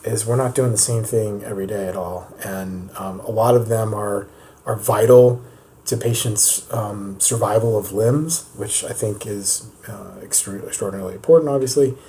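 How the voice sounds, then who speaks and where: A man co-hosting a podcast as a foot and ankle surgeon, explaining things in a steady, conversational way. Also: fairly low pitch, moderate pace, slight background noise. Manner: explanatory, steady, occasional restarts. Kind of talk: casual conversational podcast chat.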